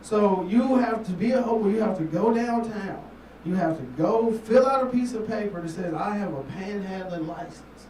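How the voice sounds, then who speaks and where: A man's voice: high voice, normal speed, hardly any pauses, a little mellow. A man, telling loose, profane stand-up stories. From Memphis, Tennessee. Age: 30s. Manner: loose, profane storytelling with frequent laughs and asides. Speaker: stand-up comedian. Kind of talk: stand-up comedy set. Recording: roomy club sound from far off with noise.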